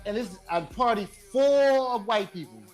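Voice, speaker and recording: Animated, coarse-joking man. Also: high-pitched, normal speed, soft background music. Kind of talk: casual debate chat.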